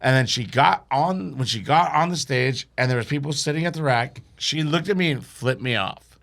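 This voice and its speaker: A man's voice: medium pitch, moderate pace, vocal fry, fairly bright tone. A young man telling a wild story on a comedy podcast, acting out quotes and swearing freely. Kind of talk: casual storytelling.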